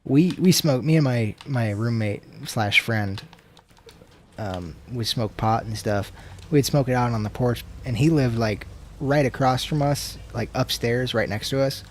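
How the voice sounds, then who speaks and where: A man's voice: a little slow, slight background noise. A man from the United States streaming a video game, talking in a casual, profane, rambling way and sometimes dropping to a murmur. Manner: slips into low murmurs and whispers. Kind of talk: casual livestream chat while gaming.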